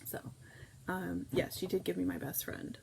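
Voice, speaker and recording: Chatty woman with a gravelly edge. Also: lowish voice, completely flat delivery, normal speed, noisy background. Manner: rambling, effusive, reads comments aloud. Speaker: host of a morning livestream. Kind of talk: casual chat reading viewer comments.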